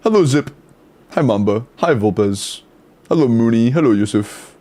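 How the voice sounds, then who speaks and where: A young man streaming live, casually chatting and greeting viewers in quick succession, swearing now and then. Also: mid-range voice, animated, mellow. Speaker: streamer reviewing game accounts.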